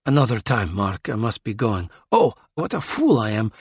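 A man's voice: fairly low pitch, big pitch swings, moderate pace, slightly rough, dry recording, full character voice. A man voicing a proud, aristocratic alien prince and grandfather who talks in formal, old-fashioned phrases. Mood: weary.

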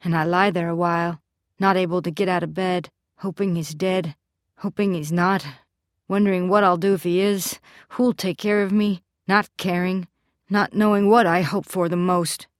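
A woman with a fairly low voice narrates a story in the first person, measured and steady. The recording is dry and close, like a studio booth, with nothing around the voice. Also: no echo. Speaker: audiobook narrator.

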